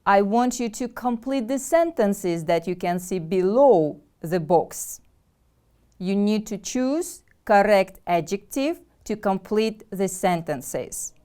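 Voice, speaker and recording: A woman with a Kyrgyz accent teaches English vocabulary in a slow, deliberate classroom manner. Her voice is mellow and smooth, and she drills each word for pupils to repeat. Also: mid-range voice, expressive. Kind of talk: slow, clear classroom instruction.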